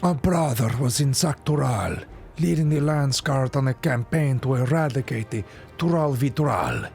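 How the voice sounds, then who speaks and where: A man's voice: mid-range voice, expressive, normal speed, vocal fry, darkish tone, voice pushed up. A man voicing an earnest, bookish young prince with a put-on Spanish accent. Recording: faint game music behind. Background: faint game music.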